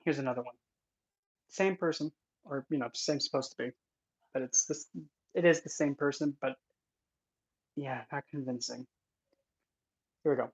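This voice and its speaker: In a dull lo-fi vlog, an occult content creator comments casually with indignation and sarcasm. The voice is mid-range and steady, at normal speed with frequent pauses.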